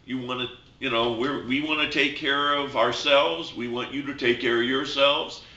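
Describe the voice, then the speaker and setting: A man's voice: mid-range voice, steady tone, normal speed, sharp tone. A man hosting a casual show, chatting and telling a joke with fillers and jokey asides. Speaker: host. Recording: roomy, dull lo-fi sound.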